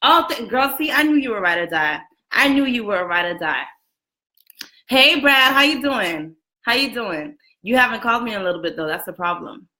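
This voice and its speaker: Bright, lively young woman hosting a live chat. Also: fairly high pitch, normal speed. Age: 20s. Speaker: livestream host. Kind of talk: casual live video chat. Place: room at home with a roommate next door. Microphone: camera and phone set up for a live stream.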